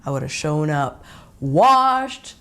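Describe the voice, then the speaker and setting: A young woman hosting a podcast, telling a first-person story in an animated, giggly way and laughing often. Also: sits low, slow. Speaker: podcast host.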